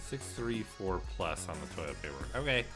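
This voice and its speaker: Chatty streamer man, very lively pitch. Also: a little fast. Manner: chatty, laughs often, talks to chat. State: coughing and clearing throat. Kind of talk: live game playthrough, reading dialogue aloud. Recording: game music playing behind.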